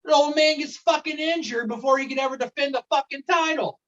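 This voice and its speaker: A man's voice: extremely high pitch, a little fast, fairly bright tone. A man on a casual wrestling podcast, ranting with lots of swearing. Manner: profane, rambling rant. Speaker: podcast co-host. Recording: dull sound, a bit off-mic.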